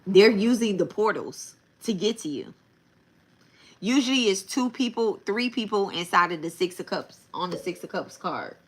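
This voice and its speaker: A woman's voice: medium pitch, animated, moderate pace, slightly rough. A woman giving a live tarot reading in a casual, blunt way, often repeating and restarting her phrases. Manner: blunt, swears. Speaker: tarot reader.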